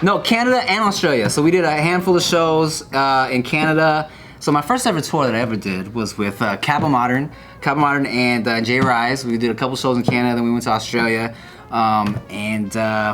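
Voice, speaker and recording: A man's voice: medium pitch, brisk, a bit bright. A man telling loose, profane stories as a guest in a casual chat. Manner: loose storytelling with profanity and laughs.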